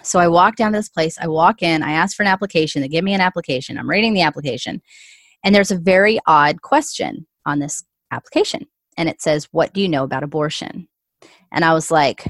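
A woman in her forties, a guest author being interviewed, tells an emotional personal story of faith, earnest and saying "like" a lot. Her voice is low and fairly bright, brisk, with no room sound.

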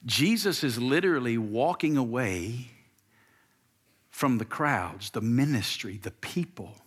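A man's voice: medium pitch, expressive, slow, breathy edge. A man in his fifties, a pastor preaching a sermon with emphasis and having the audience repeat lines after him.

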